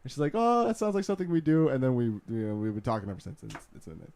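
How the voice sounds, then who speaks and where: A man's voice: mid-range voice, very fast, darkish tone. A young man telling a story in casual chat, rambling with many restarts and fillers and laughing often. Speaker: podcast host.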